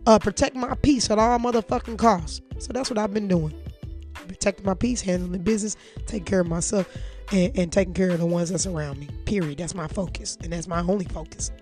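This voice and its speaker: A woman's voice: lowish voice, brisk, darkish tone, faint music behind. A young woman telling a story to her viewers, blunt and profane, speaking straight to her audience. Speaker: vlogger. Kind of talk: casual storytime chat.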